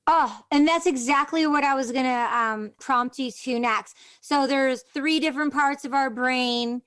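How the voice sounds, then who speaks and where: A woman with a fairly high voice hosts a casual interview, recorded close and dry. She is chatty and affirming, summing up her guest's points. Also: a little slow, fairly bright tone, dry recording. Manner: chatty, affirming, fills in with "mm-hmm". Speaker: interview host.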